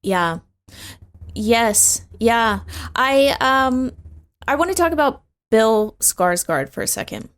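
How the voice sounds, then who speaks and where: A woman's voice: a little high, lively intonation, slow, a bit bright. A woman co-hosting a podcast in casual chat, slangy, calling her co-host dude and bro.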